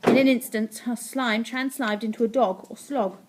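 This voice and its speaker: A woman teacher reading a story aloud to her class, animated and playful, with sound effects. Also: on the high side, moderate pace, background noise.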